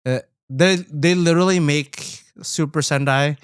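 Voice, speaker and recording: A man's voice: on the high side, a little slow, clear, resonant tone, no echo, studio quality. A man co-hosting a casual podcast, chiming in with wry remarks and bursts of laughter. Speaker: podcast co-host. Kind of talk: casual chat.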